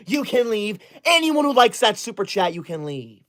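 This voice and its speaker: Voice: medium pitch, very animated, moderate pace, fairly bright tone. Comedic livestream host, reading super chats, indignant, scolding, prim school-lover persona, mid-range voice. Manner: indignant, scolding and easily offended.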